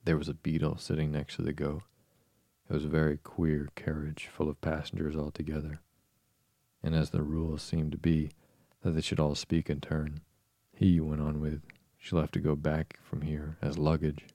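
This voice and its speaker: A man reading a storybook aloud slowly and softly to lull listeners to sleep. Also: rumbling low, monotone, no echo. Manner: slow, soft, soothing reading. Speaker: podcast host, bedtime reader.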